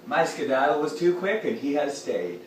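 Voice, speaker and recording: A man hosting a raw food cooking show, talking playfully and warmly and chatting to his cat as he prepares a dish in a home kitchen. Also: on the high side, big pitch swings, moderate pace, heavy background noise. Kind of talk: casual cooking demonstration. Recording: very echoey room, distant mic, faint ambience.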